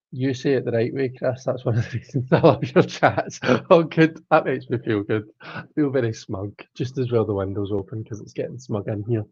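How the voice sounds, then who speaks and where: A man's voice: mid-range voice, moderate pace, a little mellow, slightly rough, dry recording. A man in his thirties hosting a casual tarot live stream, chatting in a rambling way and reading viewer comments aloud. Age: 30s. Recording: dull lo-fi stream audio.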